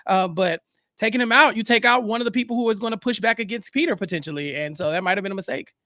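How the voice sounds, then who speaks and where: A man's voice: sits high, fast talker, bright, forceful tone, no room sound, clean studio sound. A man guesting on a podcast who talks casually and jokes at his own expense. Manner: joking, self-deprecating. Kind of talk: casual recap chat.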